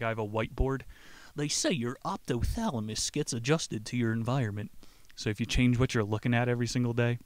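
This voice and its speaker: A man hosting a podcast who casually comments on a book and reads it aloud, rambling in profane slang. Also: medium pitch. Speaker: podcast host.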